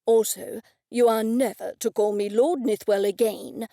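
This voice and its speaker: A woman's voice: fairly high pitch, steady tone, a little slow, warm tone, no echo, studio quality. A woman voicing a pompous, sarcastic older male earl who talks in a haughty, stern way.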